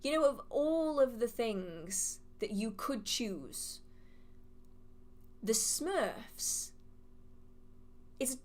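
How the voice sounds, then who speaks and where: A woman hosting a live witchcraft Q&A, chatty and animated, laughing often as she reads questions from the chat. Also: on the high side, very slow, long pauses. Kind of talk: casual livestream Q&A, reading chat questions aloud.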